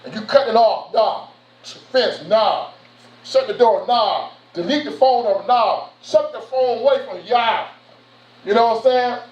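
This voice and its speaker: High-voiced man preaching in an echoey church. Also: unhurried. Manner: animated, conversational street slang. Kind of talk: sermon. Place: church sanctuary. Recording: echoey room from far off, muffled.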